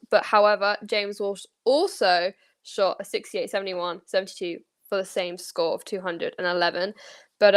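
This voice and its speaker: A woman's voice: mid-range voice, clear, resonant tone. Conversational woman co-host. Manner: conversational, fillers, likes. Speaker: podcast co-host. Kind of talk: casual golf news chat.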